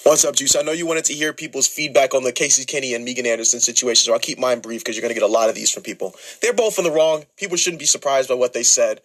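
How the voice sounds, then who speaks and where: A man leaving a recorded voice question for a podcast, quick and playful. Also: mid-range voice. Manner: quick, playful, yells his question at the end. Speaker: caller sending a voice question. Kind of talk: recorded voice message.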